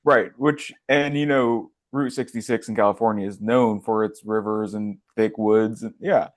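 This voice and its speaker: A man's voice: on the low side, fairly even intonation, moderate pace. A man co-hosting a podcast in casual chat, making sarcastic jokes and laughing often. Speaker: podcast co-host.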